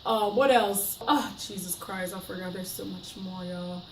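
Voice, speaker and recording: A woman's voice: mid-range voice, unhurried, slight background noise. A young adult woman vlogger telling a story in a chatty, emphatic way, dramatizing events. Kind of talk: casual storytime monologue. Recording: roomy, mic at a distance.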